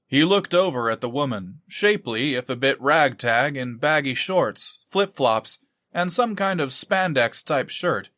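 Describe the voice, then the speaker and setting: A man reading a novel aloud in measured scripted narration. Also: mid-range voice, lively intonation, fairly bright tone, dry recording, clean studio sound. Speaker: audiobook narrator.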